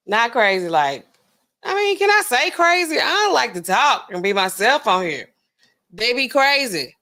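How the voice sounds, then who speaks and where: A woman pharmacist hosting a casual livestream, chatting in a slangy, animated way, reading out viewer comments and laughing often. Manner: animated and chatty, slangy, swings between low asides and high exclaims; laughs often mid-sentence.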